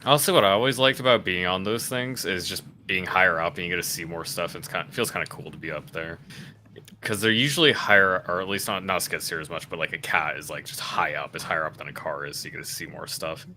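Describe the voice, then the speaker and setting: A man chatting casually in a relaxed, rambling way. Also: low voice, fast talker, slight background noise. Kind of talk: casual voice chat.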